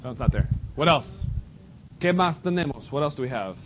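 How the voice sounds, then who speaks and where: A man's voice: mid-range voice, expressive, fairly quick. A male math teacher leading a classroom lesson, casual and joking, calling on students by name. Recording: dull lo-fi classroom recording with faint noise.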